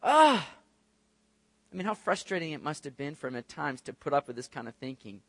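A man preaching a sermon, reading scripture and explaining it, acting out little scenes in lively raised voices. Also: mid-range voice, fast, no room sound. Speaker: pastor. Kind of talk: expository sermon.

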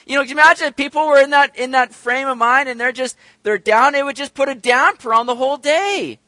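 A man preaching a sermon to his congregation, animated and acting out the voices of the people he describes. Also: very high voice, fairly quick, no echo. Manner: animated, acts out quoted voices, addresses congregation directly. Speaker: pastor.

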